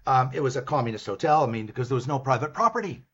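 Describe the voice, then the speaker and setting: An older Canadian man speaks as a guest, telling his stories with animated energy and slipping into his own past lines. His voice is husky and sits at a middle pitch for a man. The recording comes through dull and lo-fi. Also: fast talker, hardly any pauses. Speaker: guest, business professor. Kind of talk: storytelling in an interview. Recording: dull, lo-fi sound.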